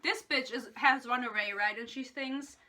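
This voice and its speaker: A woman's voice: high voice, normal speed, sharp tone. A woman in a casual book rant, exasperated, swearing often and laughing between points. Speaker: book reviewer.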